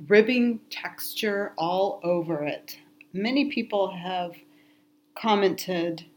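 A woman co-hosting a casual podcast in a lowish, slightly scratchy voice. She talks in a measured way and lets her remarks trail off into soft asides, with a faint hum of noise behind her. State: slightly scratchy voice from a cold or allergies. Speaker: podcast co-host. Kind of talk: casual chat.

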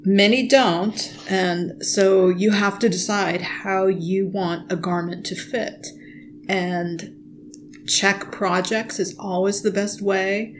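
A woman co-hosting a casual podcast from home, explaining things slowly and methodically. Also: mid-range voice, steady tone, a little hiss or hum. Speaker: podcast co-host. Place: at home with pets nearby.

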